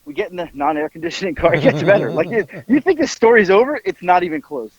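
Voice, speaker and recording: A man telling stories in a casual podcast chat, with lively mimicry of the people in them. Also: fast, slightly rough, no echo, highs cut off. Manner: animated, mimics others in a high strained voice. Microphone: headphones over remote call.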